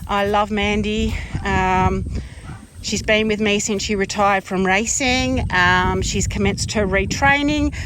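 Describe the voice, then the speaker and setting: A woman's voice: mid-range voice, steady tone, slow pace, background noise. A woman, a horse trainer chatting casually and affectionately in an outdoor paddock, with lots of ums and fond cooing. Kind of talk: casual walk-around vlog.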